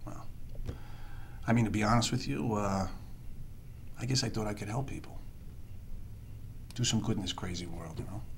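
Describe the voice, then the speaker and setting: An actor playing a world-weary police detective who tells rambling, sardonic street stories. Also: male voice, lowish voice, normal speed, long pauses, a little hiss or hum, close to an everyday voice. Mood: storytelling. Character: wisecracking world-weary male NYC cop. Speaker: police detective under evaluation. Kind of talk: film dialogue, storytelling monologue.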